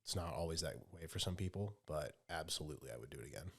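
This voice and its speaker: Deep-voiced man reflecting earnestly. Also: fast, a little hiss or hum. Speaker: podcast guest, army veteran. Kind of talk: casual interview chat.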